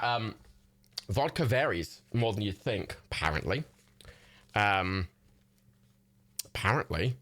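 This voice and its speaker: A man's voice: lowish voice, husky. A young man chatting on a livestream, swearing a lot, rambling and laughing often. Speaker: livestream host. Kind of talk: casual chat.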